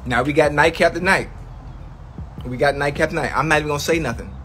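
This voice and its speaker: Mock-outraged man ranting, slightly high voice. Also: fast talker, a bit bright, slight background noise. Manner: mock-outraged complaining, repeats himself, slangy and profane. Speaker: livestreamer addressing his chat. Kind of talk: comedic livestream rant.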